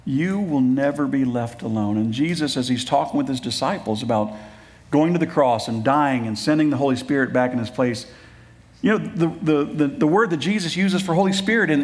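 Man preaching a conversational sermon. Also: on the high side. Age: middle-aged. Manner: conversational, joking asides, warm appeals. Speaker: pastor. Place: church.

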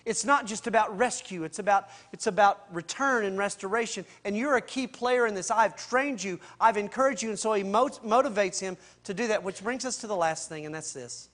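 A man preaching a sermon in a conversational, slangy way, swinging between loud and hushed. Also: high voice, brisk, hardly any pauses. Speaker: pastor.

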